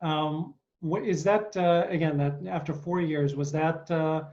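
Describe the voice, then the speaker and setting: A man's voice: on the high side, fairly even intonation, a little slow, darkish tone, highs cut off. A man hosting an interview, asking hesitant questions full of fillers. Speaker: podcast host, interviewer.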